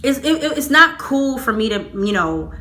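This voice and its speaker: A young woman in college telling a storytime vlog, animated, quoting herself with high exclamations and laughing between lines. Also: moderate pace, slight background noise. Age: young adult. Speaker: vlogger. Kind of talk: storytime vlog, casual chat.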